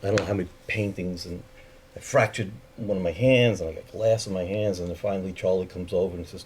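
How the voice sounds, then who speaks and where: A man's voice: deep voice, steady tone, quick pace, a little mellow, slight background noise. Candid New man telling a story. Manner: candid and profane, acts out quoted voices. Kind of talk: personal storytelling.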